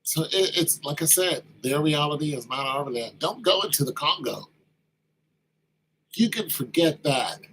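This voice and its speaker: A man's voice: fairly high pitch, expressive, normal speed, fairly bright tone, a little hiss or hum, rough recording. A man talking casually and with animation, acting out quoted exchanges as he tells the story. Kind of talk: casual talk.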